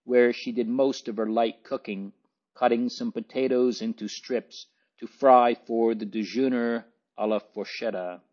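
Guy reading a storybook real slow, lowish voice, kinda dull lo-fi sound. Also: darkish tone. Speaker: narrator. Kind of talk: scripted narration.

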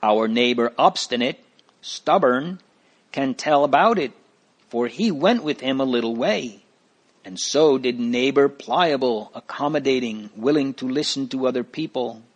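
A man's voice: medium pitch, animated, unhurried. A man reading a story aloud, voicing a fearful neighbor woman who scolds and pleads in a raised voice. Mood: scolding.

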